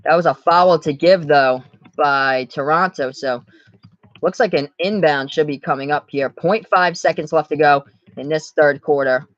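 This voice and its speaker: A man from the US Northeast giving live play-by-play commentary on his stream, calling the score briskly and talking to his chat. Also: on the high side, a bit bright, no echo, dull audio.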